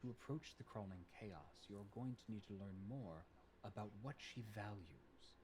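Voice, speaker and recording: A cryptic tentacled cosmic being in a suit, voiced by a man, speaking low with a lively, swooping melody. His solemn commands come over a faint hiss. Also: normal speed, natural voice.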